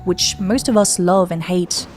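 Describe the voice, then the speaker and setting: A woman's voice: lowish voice, fairly even intonation, unhurried, darkish tone, soft background music. A woman from France, narrating a scripted explainer video with wry, sarcastic asides.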